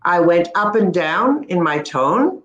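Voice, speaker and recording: This is a middle-aged Canadian woman teaching pronunciation, with a crisp, instructive manner. She slows down to model words carefully. Her voice carries a noticeable room echo. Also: fairly low pitch, big pitch swings, dull audio. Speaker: speech-language pathologist.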